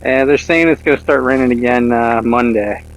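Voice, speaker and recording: A man in casual gaming chat, easygoing and meandering, his stories full of "uh" and "like". He talks at a mid pitch with an unhurried, friendly pace. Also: poor audio. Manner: relaxed, rambling storyteller with frequent fillers. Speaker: streamer playing a survival game with friends.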